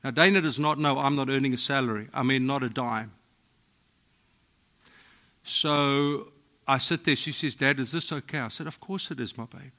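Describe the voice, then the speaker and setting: A middle-aged South African man, a pastor preaching a sermon, telling stories in a voice that drops to a hush and then rises to loud exclaiming. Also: mid-range voice, normal speed, pauses often. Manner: storytelling, swings from hushed to exclaiming.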